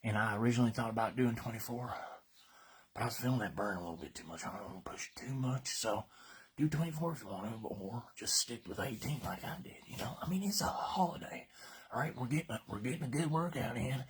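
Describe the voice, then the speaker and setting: A man's voice: mid-range voice, lively intonation, fast talker, a little hiss or hum. A man from Colorado hosting a live workout, joking around in casual banter and slightly winded from exercising. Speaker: fitness host.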